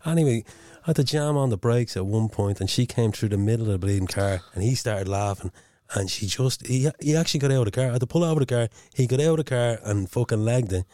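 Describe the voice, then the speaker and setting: A man's voice: medium pitch, animated, quick pace, warm tone, dry recording. An Irish man telling rambling, sweary anecdotes in casual podcast chat.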